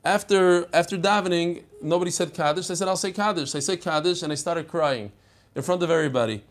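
A man's voice: on the high side, fairly quick. An older man teaching a daily Talmud class, chatty and digressive, mixing Hebrew and Yiddish terms into his talk. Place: study hall.

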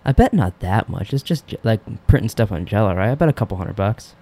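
A young man co-hosting a podcast, rapidly retelling an episode and acting out the characters' lines, swearing freely. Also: fairly low pitch, lively intonation, dark tone. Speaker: podcast co-host. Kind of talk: casual chat recapping a TV episode.

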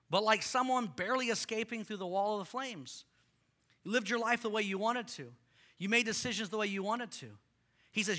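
A male pastor preaching a sermon to a congregation, impassioned, swinging from loud rallying lines to quiet earnest ones. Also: high-pitched.

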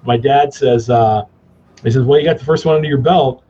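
A man guest in a casual interview, telling stories in an animated way, laughing and acting out his father's gruff lines. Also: mid-range voice, brisk, highs cut off, slight background noise. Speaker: cigar company guest.

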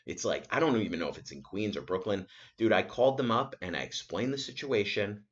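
Talking a little fast in a lowish voice on a muffled recording, this young podcast host from the New York area delivers a casual solo monologue. His storytelling is rambling, profane, and animated, full of quotes he performs in other people's voices.

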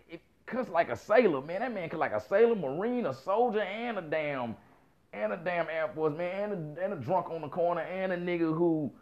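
Blunt, profane man ranting. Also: fairly high pitch. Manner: blunt, profane, emphatic with frequent repetition. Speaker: commentator. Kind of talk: casual opinion monologue. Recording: dull lo-fi sound.

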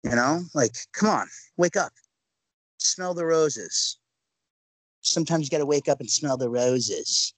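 A man co-hosting a sports podcast in casual chat, animated and ranting with rhetorical questions. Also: a little high, a little slow, no room sound, rough recording. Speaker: podcast co-host.

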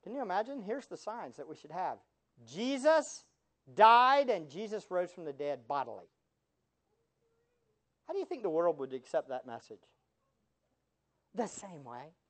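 A man preaching from the pulpit with a lively voice that swings widely up and down. He keeps asking the congregation rhetorical questions and slips in sarcastic asides. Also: high-pitched, unhurried, long pauses. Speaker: pastor. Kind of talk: sermon.

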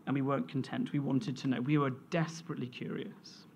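Earnest, expressive preacher. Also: mid-range voice, a little fast, gravelly, lo-fi sound, a little hiss or hum. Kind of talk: sermon.

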